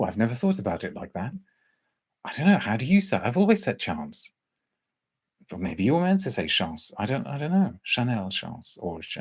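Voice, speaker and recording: A man hosting a live perfume review, chatting casually, hesitating often and reading out viewer comments. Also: lowish voice. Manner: chatty, hesitant, full of ums and restarts. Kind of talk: casual live-stream chat.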